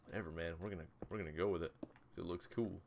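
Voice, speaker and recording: A man hosting a relaxed game video, talking to himself in a casual, rambling way with little hums and asides as he builds, a bit off his desk mic at home. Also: low-pitched, quick pace, creaky, a little hiss or hum. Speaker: gaming video host. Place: home room beside a TV. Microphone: desk mic, turned away from it.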